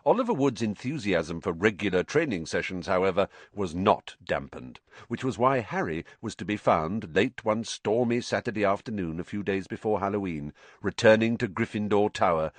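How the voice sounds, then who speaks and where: Expressive man narrating an audiobook. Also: low-pitched, normal speed, hardly any pauses, no room sound. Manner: expressive storytelling. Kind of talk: scripted narration.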